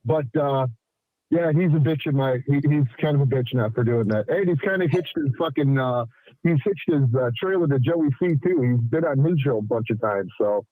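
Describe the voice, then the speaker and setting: A man calling into a show, talking loudly, swearing and filling gaps with "like" and "uh". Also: medium pitch, normal speed. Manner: loud, profane, filler-heavy. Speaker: caller. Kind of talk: casual call-in talk. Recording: tinny phone line.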